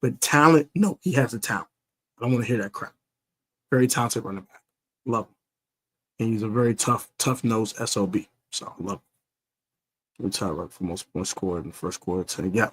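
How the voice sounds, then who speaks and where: Man, low voice, fan show host, casual livestream talk, rambling, fillers, trash talk. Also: moderate pace, long pauses, husky, no room sound. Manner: rambling with many fillers and restarts, trash-talking. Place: stadium area after a game.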